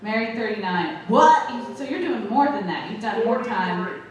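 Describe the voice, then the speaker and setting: A woman's voice: mid-range voice, animated, moderate pace. A woman comedian with a New York accent doing brash, profane crowd work on a club stage. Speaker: stand-up comedian. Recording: echoey live club audio from a distance. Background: audience noise.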